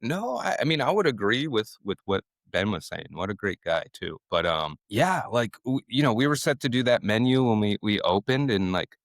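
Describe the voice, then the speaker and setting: Laid-back man with a low voice. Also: normal speed, few pauses, dry recording, studio quality. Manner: relaxed, chatty, quotes people in animated voices. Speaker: chef and restaurant owner. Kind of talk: casual interview talk.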